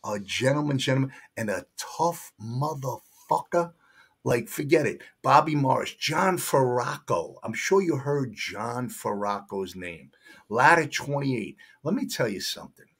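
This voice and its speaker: A man's voice: mid-range voice, measured pace, breathy edge. A man, a guest telling firehouse stories in a profane, emphatic way. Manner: profane, animated, emphatic storytelling. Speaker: podcast guest, retired firefighter. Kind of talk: casual storytelling.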